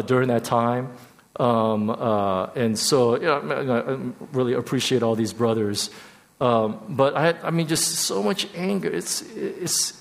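Man, candid testimony, halting with many restarts, middle pitch, long hall reverb. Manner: halting, repeats words and restarts often; voice drops soft and low when emotional. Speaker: speaker sharing a personal testimony.

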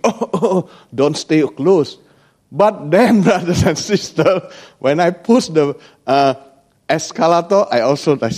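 Slow, lively male pastor. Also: a little high. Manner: broken English, frequent checking "yeah?" asides. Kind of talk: sermon.

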